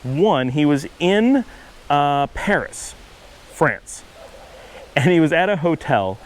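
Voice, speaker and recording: A middle-aged channel host from Western New York, USA, with a Buffalo accent, gives a casual explanatory monologue, speaking patiently with asides and self-corrections. His voice is slightly high with lively intonation and a slow pace, on a rough recording.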